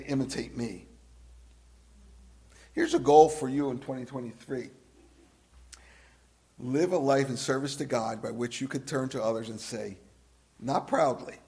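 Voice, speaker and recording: A man preaching a sermon as a pastor, swinging from loud emphasis to hushed, drawn-out words and asking his listeners direct questions. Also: mid-range voice. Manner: asks the congregation direct questions.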